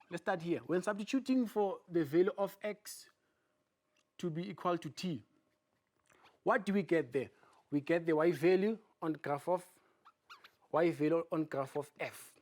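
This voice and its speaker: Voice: mid-range voice, a little slow, long pauses. Maths teacher, video lesson, rhetorical questions, repeats key words, fades at phrase ends, mid-range voice.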